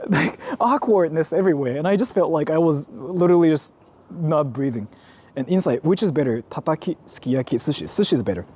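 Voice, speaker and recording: A man live-streaming outdoors on a city street, chatting casually in an excitable, self-mocking way and swearing freely, recorded on a handheld camera. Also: a little high, fairly quick, husky. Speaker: IRL streamer.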